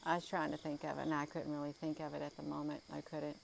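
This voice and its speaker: A low-pitched woman talks casually and sleepily to her live viewers, drifting through her thoughts with frequent ums and a folksy "you all". She is outdoors at night, with faint crickets and hiss behind her. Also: monotone, fast, creaky, rough recording. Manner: rambling, full of ums and uhs. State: tired, yawning. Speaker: livestream host. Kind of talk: casual live sky-watching chat.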